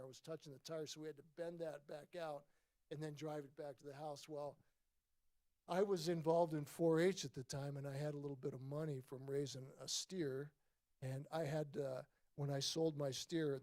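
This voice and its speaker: A man in his sixties recounts a story at a book event in casual, lively fashion. His voice sits a little high for a man, and he slips into the voices of the people he quotes. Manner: animated anecdote teller, acts out voices in quotes. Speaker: former baseball player, guest.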